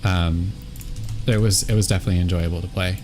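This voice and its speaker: A man's voice: sits low, steady tone, fast, music in the background. A man hosting a gaming livestream in casual chat, talking hesitantly with many ums and restarts. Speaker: streamer host.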